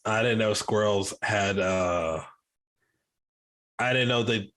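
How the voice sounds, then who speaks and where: Man, lowish voice, laid-back, casual podcast chat. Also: takes it slowly, fairly bright tone. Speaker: podcast co-host.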